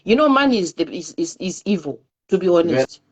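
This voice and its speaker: A woman's voice: lowish voice, big pitch swings, fairly quick. A woman in a casual talk-show discussion, earnestly giving advice and often repeating her words. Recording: muffled lo-fi audio.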